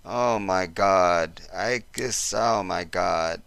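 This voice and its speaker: A man's voice: low voice, very slow, vocal fry, a bit bright, smooth, no room sound. A man vlogging casual news commentary, passionate and blunt, with frequent profanity.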